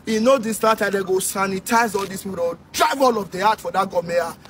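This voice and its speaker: A social commentator from Edo State, Nigeria, rants in Nigerian Pidgin English with a very high voice, shouting in a sing-song, scolding way. He talks fairly quickly, and the distant mic picks up faint noise.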